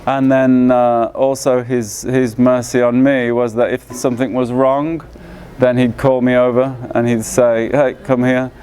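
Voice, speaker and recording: A man's voice: medium pitch, flat delivery, a little slow, hardly any pauses, dark tone. A man casually telling stories about his teacher, hesitant and often restarting his phrases. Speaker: disciple sharing memories. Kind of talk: casual personal reminiscence.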